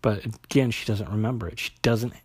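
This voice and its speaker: A man casually recapping a comic book's plot, talking in a halting way with many fillers and restarts. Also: on the low side, steady tone, slightly rough, no room sound. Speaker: comic book reviewer.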